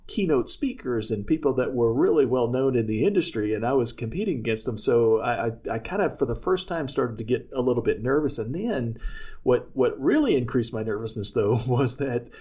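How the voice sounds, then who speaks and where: A husky-voiced man who coaches public speaking talks casually for his podcast. He tells stories from his own career in a loose, rambling way, often restarting his sentences and acting out what people said. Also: medium pitch, animated, a little fast, dark tone. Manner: tells personal anecdotes, acting out quoted speech.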